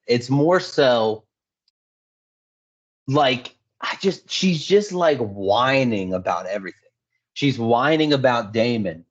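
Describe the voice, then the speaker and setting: A man co-hosting a podcast, chatting casually about a TV episode with animated, exasperated opinions. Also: mid-range voice, slow, pauses often. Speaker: podcast co-host. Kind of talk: casual TV recap chat. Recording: dull lo-fi recording.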